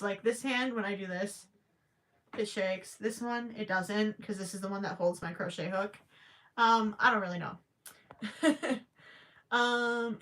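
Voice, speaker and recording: A woman's voice: medium pitch, sharp tone. A young woman livestreaming while she crochets, chatting casually and reading viewer comments aloud.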